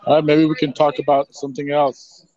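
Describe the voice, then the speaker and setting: A man on a group call, calmly steering the conversation. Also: fairly high pitch, brisk, muffled recording. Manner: calm, steering the talk along. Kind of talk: casual group call chat.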